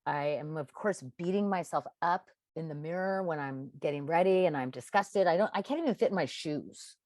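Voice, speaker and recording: Low-voiced woman telling a painful story. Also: moderate pace, a little mellow, dry recording. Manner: emphatic, confessional, dramatic stresses. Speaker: podcast guest. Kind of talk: personal story in a podcast interview.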